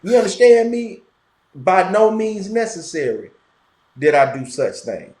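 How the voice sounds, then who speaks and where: Florida-twanged man, higher voice, lively and emphatic, roomy echo. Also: measured pace. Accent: Florida Southern. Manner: animated, emphatic, repetitive. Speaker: podcast guest. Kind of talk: casual conversation.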